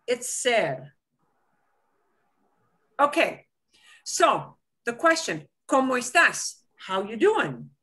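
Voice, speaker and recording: A woman teaching a beginner Spanish lesson, slowing down to stress words and checking in with "okay?" often. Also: mid-range voice, a bit bright.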